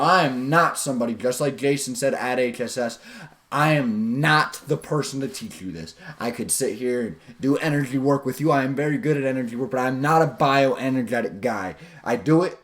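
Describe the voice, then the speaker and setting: A man hosting a self-improvement video, giving a casual, slangy motivational talk that includes guided visualizations. He swings his pitch up and down for emphasis. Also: a bit bright.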